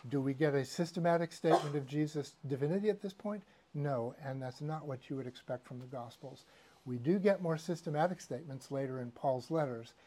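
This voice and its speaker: A man's voice: a little high, a little mellow. A man teaching a church doctrine class in a conversational lecture style, with fillers and asides.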